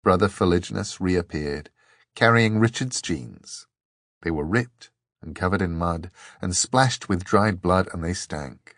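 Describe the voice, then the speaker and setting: A man reading a fantasy novel aloud as an audiobook narrator, unhurried and expressive. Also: low-pitched, dry recording, studio quality. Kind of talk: scripted narration.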